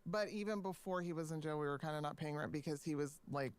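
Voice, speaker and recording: A woman's voice: sits low, fast. A woman appearing as a guest on a finance show, defensively explaining her living situation.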